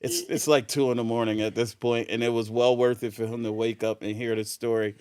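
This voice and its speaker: Animated man telling a story. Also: medium pitch, a little fast, smooth, no echo, studio quality. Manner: animated storyteller who laughs often. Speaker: podcast guest. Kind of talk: casual anecdote telling.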